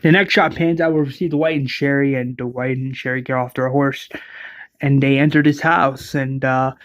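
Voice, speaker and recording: A man's voice: mid-range voice, fairly even intonation, normal speed, lo-fi sound. A man casually retelling his own fan-fiction story, rambling with many fillers.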